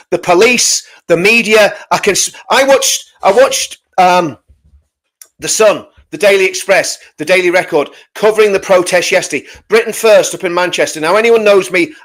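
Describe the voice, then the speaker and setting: A man's voice: high-pitched, normal speed, a bit bright, rough recording. A man giving an impassioned rant to his viewers, emphatic and repetitive, often tagging "right?" onto his points. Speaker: activist addressing viewers.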